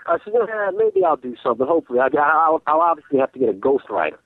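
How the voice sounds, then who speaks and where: A man's voice: a little high, very animated, fast talker, hardly any pauses. A man calling in as a guest who tells stories animatedly and keeps restarting his sentences. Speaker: call-in guest. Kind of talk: casual phone interview. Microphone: telephone. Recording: tinny phone line.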